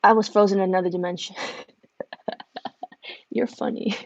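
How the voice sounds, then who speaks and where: A woman's voice: medium pitch, steady tone, moderate pace, vocal fry, a little mellow, no room sound, muffled recording. A middle-aged woman in a home craft studio, chatting casually with viewers on a live stream while she works on embroidery orders. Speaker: embroidery business owner hosting a live stream.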